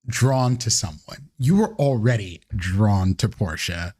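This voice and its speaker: Man, game master, slow halting narration, lots of fillers, live-streamed tabletop game. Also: on the low side, lively intonation, darkish tone, husky.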